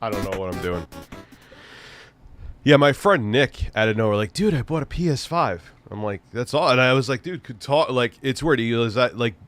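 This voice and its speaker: A man hosts a casual livestream in a middle-pitched voice. He rambles, restarts his sentences, and keeps throwing in crude, profane jokes. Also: moderate pace, a bit bright, faint music behind. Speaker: livestream host.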